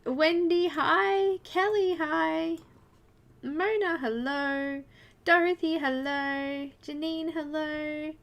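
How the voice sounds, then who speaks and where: An Australian woman chats on a relaxed live stream, laughing often and greeting each viewer by name. Her voice sits a little high, and her delivery is slow and unhurried. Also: muffled recording. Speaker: host of a live coloring stream. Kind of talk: casual live-stream chat.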